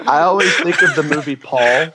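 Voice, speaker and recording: A man chatting on a podcast, slowly telling an amused story. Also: a little high, a loud crowd. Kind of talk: casual chat.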